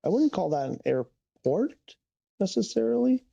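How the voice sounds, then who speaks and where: A man's voice: sits high, sing-song, moderate pace, creaky, mellow, muffled recording. A man streaming a flight game, chatting casually and thinking aloud as he corrects himself. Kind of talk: casual live-stream chat.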